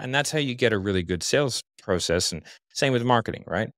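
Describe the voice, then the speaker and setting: A man's voice: mid-range voice, lively intonation, quick pace, hardly any pauses, a bit bright, no echo, studio quality. A man giving casual interview talk as a podcast guest, confident and blunt, explaining with examples.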